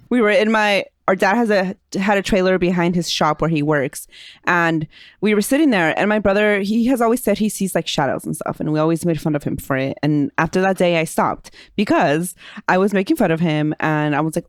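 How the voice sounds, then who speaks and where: A woman's voice: lowish voice, fairly quick, no room sound, clean studio sound. A woman co-hosting a podcast, chatting casually and dramatically, with Spanish slipping in. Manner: dramatic, laughing, sprinkles Spanish. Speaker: podcast co-host. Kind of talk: casual chat.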